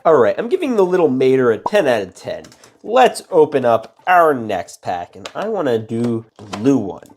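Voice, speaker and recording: A man hosting a casual unboxing and build-along, chatty and excitable, often trailing into mumbled asides. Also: medium pitch, moderate pace, husky, soft background music. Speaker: LEGO unboxing host.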